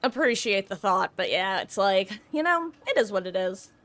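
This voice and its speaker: A woman live-streams and talks loosely and candidly about her game between bouts of play. Her middling-pitched voice is bright, forward, and sing-song at normal speed, and she drifts between thoughts while dropping casual swears.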